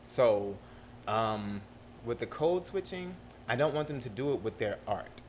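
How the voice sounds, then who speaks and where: A young man with a South Carolina accent, a producer talking as an interview guest in a lively, laughing way. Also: medium pitch, measured pace, a little hiss or hum. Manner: animated, laughing storyteller. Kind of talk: casual interview talk.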